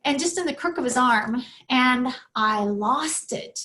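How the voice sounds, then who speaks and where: A middle-aged woman, a podcast guest, telling a personal story with earnest, animated delivery. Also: high voice, unhurried. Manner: earnest, animated, acts out the voices in her story.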